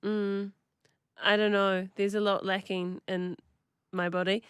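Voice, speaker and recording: A woman's voice: medium pitch, flat delivery, measured pace, clear, resonant tone, dry recording, clean studio sound. A tired woman with a New Zealand accent, co-hosting a radio show and playfully whining in casual banter. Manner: whiny, playful. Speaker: radio host.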